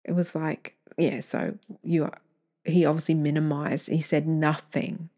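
Woman, solo podcast host, low voice, mellow dark tone, candid, swears, rambling asides. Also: flat delivery, unhurried. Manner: candid, blunt, swears freely; rambling, self-correcting asides. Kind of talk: solo podcast, reading emails aloud and commenting.

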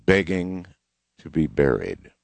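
A very deep-voiced man hosts a late-night call-in radio show. His pitch swings widely as he reacts to callers. The sound is dry and close. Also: big pitch swings, slow pace, vocal fry, no echo. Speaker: radio talk show host.

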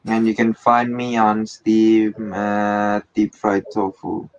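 A man co-hosting a casual podcast, teasing the others in a deadpan way. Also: on the low side, slow, clear, resonant tone, no echo. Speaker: podcast co-host. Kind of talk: casual chat. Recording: dull lo-fi call audio.

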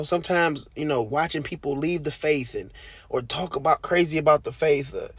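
A man hosting a podcast, talking about his faith in a heartfelt, animated way, using slang and laughing often. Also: on the high side, a little fast, breathy edge, no room sound. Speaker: podcast host. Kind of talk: casual faith talk.

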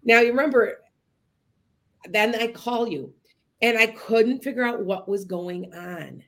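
Her voice sits on the high side, a bit bright and a little slow. As a psychic medium with a podcast, she rambles through stories for her audience, full of asides and fresh starts.

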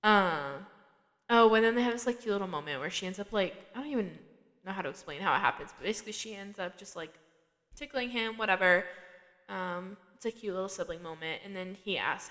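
Woman podcast host, casual recap delivery with constant asides, middle pitch, reverberant recording. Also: expressive, a little fast, a bit bright. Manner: chatty, filler-heavy, frequent asides. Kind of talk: casual chat recapping a TV episode.

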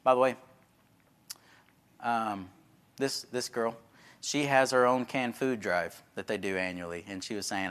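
A man's voice: fairly low pitch, steady tone, normal speed, pauses often, a bit bright, smooth. Folksy preacher man. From Texas. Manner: folksy, conversational, acts out quoted voices. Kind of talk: sermon with storytelling.

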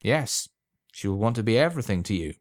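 A man voicing a sly, calm old man who sells love potions, speaking smoothly and unhurriedly in a quietly insinuating way. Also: lowish voice, fairly quick, dry recording, clean studio sound, lightly acted. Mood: persuasive.

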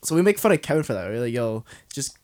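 A man's voice: mid-range voice, sing-song, fast talker, a little mellow. A young man recounting a school memory in a loose, hesitant way during casual chat with friends.

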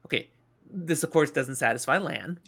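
A woman co-hosting a casual book discussion podcast, retelling the story in an animated way. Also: deep voice, normal speed, breathy edge. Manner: animated retelling, playful voices in quotes. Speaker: podcast co-host.

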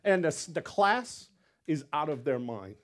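Man, pastor, sermon, animated, repeats words, slightly high voice. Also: unhurried.

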